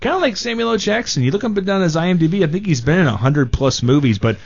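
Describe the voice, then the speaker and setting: Man, film critic, radio banter, animated, dull lo-fi sound. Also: high voice, quick pace, vocal fry, breathy edge. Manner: animated, mock-quotes people.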